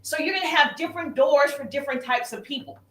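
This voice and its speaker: A woman giving a live-streamed sales training, energetic and emphatic, speaking straight to her audience. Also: sits high, fast talker, echoey room, far from the mic. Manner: energetic, emphatic and preachy, addresses the audience directly.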